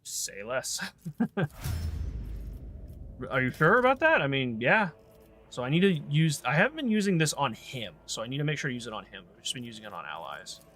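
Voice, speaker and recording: A man's voice: medium pitch, wildly swooping pitch, fairly quick, pauses often, pushed and bright, slight background noise. A man streaming a video game, chatting and thinking aloud as he plays. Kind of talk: casual gameplay commentary.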